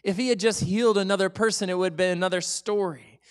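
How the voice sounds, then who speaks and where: Male pastor, sermon, chatty and playful, sinks to hushed whispers on key points. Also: high-pitched, fast talker. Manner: drops to a soft whisper for emphasis; lively, conversational, sometimes joking.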